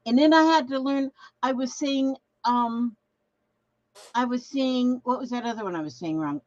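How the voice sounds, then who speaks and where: A woman's voice: a little high, moderate pace, lo-fi sound. A woman hosting a casual craft livestream, chatting in a rambling way and reading viewer comments aloud. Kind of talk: casual live-stream chat.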